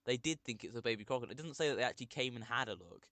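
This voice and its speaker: A man at a middling pitch co-hosts a casual podcast, reading out a news story and laughing through his own words. His voice sits in a dry, close recording with no room sound. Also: animated, very fast, fairly bright tone, dry recording. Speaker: podcast co-host.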